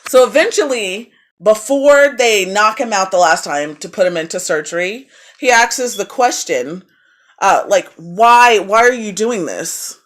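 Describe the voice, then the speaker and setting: Profane, animated woman vlogger. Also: mid-range voice, measured pace. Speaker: vlogger reviewing a movie. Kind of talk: casual movie review vlog.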